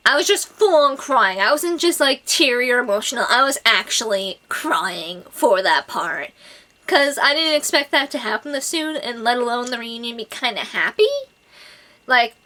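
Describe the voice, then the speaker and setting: Gushing woman with a bright voice. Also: on the high side. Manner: gushing, excitable, filler-heavy with lots of "like" and "oh my God". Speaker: book reviewer. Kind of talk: casual book review vlog.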